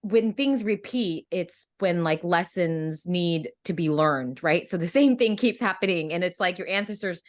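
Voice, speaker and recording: A woman guest on a podcast, an intuitive guide, speaking in a relaxed, easygoing way. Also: lowish voice, normal speed, hardly any pauses. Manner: relaxed, easygoing, many fillers like "like". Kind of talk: casual conversational interview.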